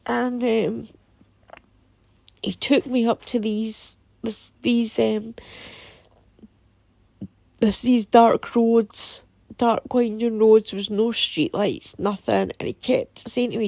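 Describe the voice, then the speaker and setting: A Scottish woman telling a painful personal story in a halting, somber way, with many pauses and restarts. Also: a little high, fairly even intonation, gravelly, darkish tone, no room sound. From Scotland. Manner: somber and emotional. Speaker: vlogger. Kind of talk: personal testimony.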